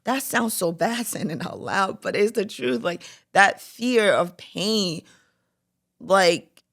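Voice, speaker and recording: Young female podcast host, frank faith testimony, gravelly edge, casual filler-heavy delivery. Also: mid-range voice, slow pace. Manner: candid, lots of "like" fillers, animated quoting.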